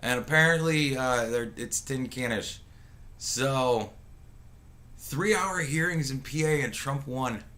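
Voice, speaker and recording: A man's voice: medium pitch, takes it slowly, sharp tone. A man hosting a casual live stream, rambling and swearing, greeting viewers by name and poking fun at people with mocking impressions. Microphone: webcam setup with mic.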